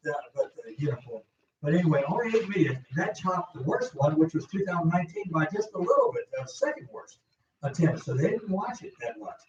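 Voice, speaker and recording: A man's voice: high voice, expressive, a little fast, recorded from a distance. Male co-host, folksy, heard from off-mic with roomy, dull lo-fi sound and faint hiss. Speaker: radio show co-host. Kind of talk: casual radio banter.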